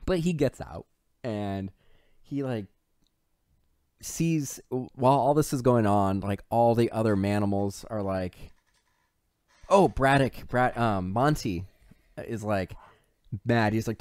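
A man co-hosting a podcast, casually retelling a film's plot with swearing and quick quoted lines from the characters. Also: lowish voice, clear, resonant tone, no room sound, studio quality. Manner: profane, animated retelling with put-on character quotes. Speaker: podcast co-host. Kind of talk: casual movie recap chat.

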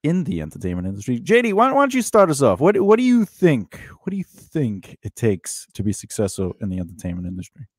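A man's voice: mid-range voice, wildly swooping pitch, a little fast, dry recording, clean studio sound. A man co-hosting a podcast in casual comedic chat, rambling and joking, with many fillers and restarts. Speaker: podcast co-host.

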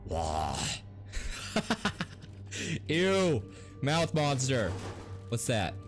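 Excitable man doing let's-play commentary. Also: fairly low pitch, unhurried. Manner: excitable, gasping and laughing at the game. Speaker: gaming video host. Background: game music.

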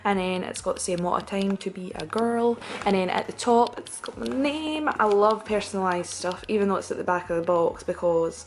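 A young woman chatting excitedly to camera in a hotel room as a fashion vlogger, rushed and chatty. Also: mid-range voice. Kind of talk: casual vlog chat.

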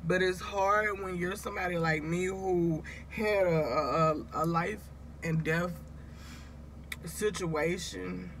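A woman's voice: fairly low pitch, fairly even intonation, takes it slowly, fairly bright tone, slight background noise. A woman vlogging in a casual, confiding way, emotional and close to tears, rambling and talking straight to her viewers. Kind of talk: casual confessional vlog.

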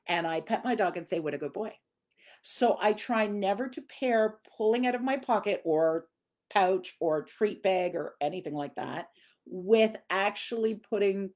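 A chatty woman talks through dog training tips in an easygoing live Q&A. Her voice sits at a middle pitch, and she slips into little acted-out voices to show how people and dogs behave. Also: lively intonation, normal speed, a little mellow. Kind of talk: live Q&A teaching.

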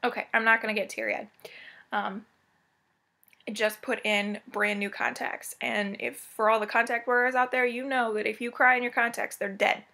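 A woman's voice: a little high, fairly even intonation, normal speed, vocal fry, pushed and bright. A woman vlogger at home giving a casual, rambling cross-stitch update full of asides.

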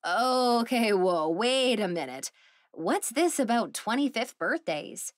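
A woman's voice: a little high, very animated, takes it slowly, no room sound, studio quality, pitched above the performer's own voice. A woman voicing a dazed young woman in her twenties, incredulous and full of questions.

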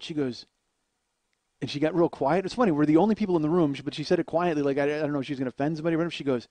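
A middle-aged man telling comic stories and ranting, profane and animated, acting out the other people in them. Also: fairly high pitch, racing, dry recording. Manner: ranting, profane, storytelling with acted-out quotes. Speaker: podcast host. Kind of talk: solo comedic monologue.

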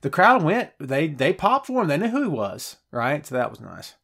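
A middle-aged man hosting a wrestling show, chatting casually and reacting excitedly to viewer comments, with a lot of filler words and restarts. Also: fairly high pitch, normal speed, gravelly. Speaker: wrestling podcast host.

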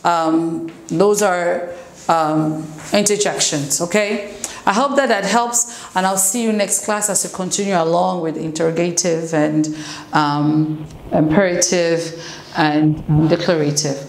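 A woman English teacher giving a relaxed, conversational classroom lesson, mixing in French explanations. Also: lowish voice, a little slow. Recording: echoey room, faint noise.

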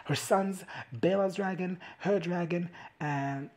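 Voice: mid-range voice, slow, darkish tone. A reaction vlogger giving a casual, comic, profane recap of a TV episode, chatting and laughing as they go.

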